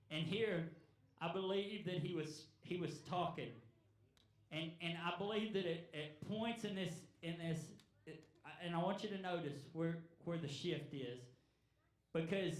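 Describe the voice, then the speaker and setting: Male preacher, earnest and stumbling, recorded at a distance in a reverberant hall. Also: on the high side. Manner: halting, repeats words, earnest. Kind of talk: sermon. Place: church hall. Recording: echoey room, voice from afar.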